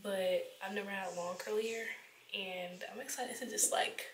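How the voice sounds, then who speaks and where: A woman's voice: medium pitch, steady tone, moderate pace, a little hiss or hum. A woman in her twenties from Atlanta, talking casually and upbeat in slangy chat for her vlog. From Atlanta, Georgia. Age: 20s. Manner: chatty, upbeat, loose slang. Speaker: vlogger.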